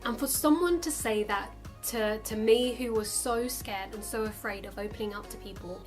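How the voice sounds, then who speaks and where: A woman's voice: on the high side, moderate pace, music in the background. A young adult woman vlogging casually to camera in a chatty, upbeat way, acting out the lines of other people now and then.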